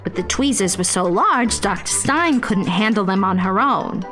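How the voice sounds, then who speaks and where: A woman narrating a children's fairy tale in a playful, expressive voice, now and then dropping to a whisper for suspense. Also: mid-range voice, moderate pace, soft background music. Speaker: storyteller playing the fairy narrator. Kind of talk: scripted children's story narration.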